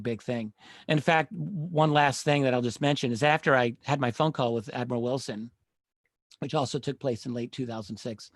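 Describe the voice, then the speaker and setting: A middle-aged man, a panel guest, telling a long story in a measured, earnest way and often pausing with uh and um. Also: mid-range voice, dry recording, clean studio sound. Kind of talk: live panel discussion, recounting a story.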